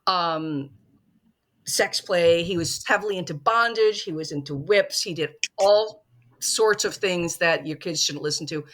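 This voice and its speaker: A woman making her case as prosecutor in a mock film trial, talking animatedly in quick bursts with restarts. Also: medium pitch, fairly bright tone. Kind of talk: casual podcast debate.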